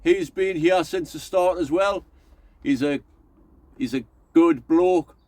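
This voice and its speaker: A man's voice: fairly high pitch, takes it slowly, a little mellow, no echo. A middle-aged man, chatting casually and rambling to his viewers as an allotment vlogger. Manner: rambling, folksy, addresses viewers as folks.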